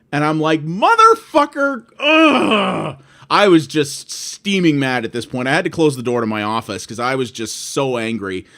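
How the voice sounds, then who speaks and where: Casting: Canadian guy in his thirties, exasperated ranter, mid-high voice, swears a lot. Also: a bit bright. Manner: exasperated, swearing, acts out both sides of phone calls. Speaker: vlogger. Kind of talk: ranting monologue.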